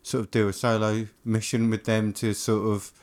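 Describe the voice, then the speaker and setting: Male podcast co-host, slightly low voice, relaxed and agreeable, explains with fillers. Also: normal speed. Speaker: podcast co-host and game master. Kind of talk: casual podcast chat.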